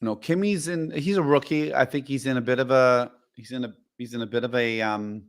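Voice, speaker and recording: A man's voice: medium pitch, a little fast. A man co-hosting a podcast in casual chat, rambling and opinionated, full of fillers. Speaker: podcast co-host.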